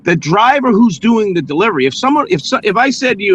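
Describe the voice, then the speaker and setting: A man talking casually on a live stream, animated, often restarting his sentences and acting out what others said. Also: high-pitched, quick pace, poor audio.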